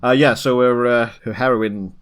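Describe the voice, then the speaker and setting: A man talks through a film with his co-host in loose, sweary podcast chat. His voice sits at an ordinary middle pitch, and he laughs easily between his thoughts. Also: fairly even intonation, moderate pace, slight background noise. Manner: chatty, laughs often, sweary, breaks into jokey voices. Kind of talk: casual film-review chat.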